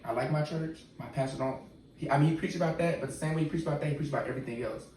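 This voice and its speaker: A man speaks frankly in relaxed, slangy talk as a podcast guest. He sits well away from the mic in a very echoey room. A faint hiss of noise runs under the voice. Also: fairly high pitch, rapid-fire, distant mic. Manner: candid, talks in casual slang. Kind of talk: casual podcast conversation.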